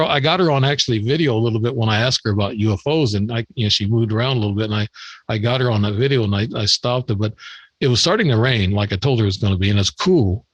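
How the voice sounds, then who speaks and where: A man's voice: mid-range voice, no room sound, muffled recording. An older man, a podcast guest, telling a long story in a rambling way, repeating words and acting out the dialogue. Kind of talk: storytelling in an interview.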